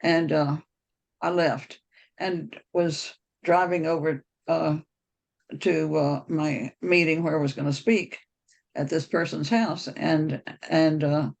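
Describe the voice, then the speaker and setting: Gravelly storyteller on a video call. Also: medium pitch, fairly even intonation, takes it slowly, poor audio. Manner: rambling anecdotal storytelling with restarts. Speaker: speaker on a members' call. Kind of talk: personal storytelling talk.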